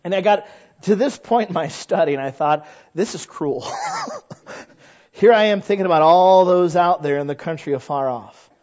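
A male pastor preaching a sermon, animated and folksy, asking rhetorical questions and joking at his own expense. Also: high voice, normal speed, muffled recording. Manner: animated, frequent rhetorical questions and self-deprecating humor.

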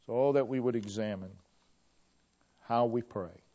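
A middle-aged pastor preaching a sermon in an earnest way, repeating key phrases, swelling to emphatic peaks and then dropping low. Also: male voice, a little slow, mellow. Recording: dull lo-fi church recording.

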